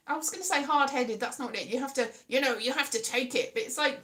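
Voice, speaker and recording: A woman's voice: high-pitched, animated, quick pace, hardly any pauses, fairly bright tone. A woman in her thirties chatting casually to viewers, rambling and self-mocking, drifting into sing-song now and then. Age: 30s. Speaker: livestream host. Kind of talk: casual chat reading viewer comments.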